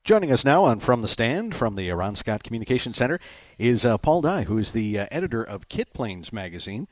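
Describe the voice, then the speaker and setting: A man's voice: mid-range voice, big pitch swings, fairly quick. A man hosting a radio interview, introducing guests in a welcoming, announcer-like way. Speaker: radio host.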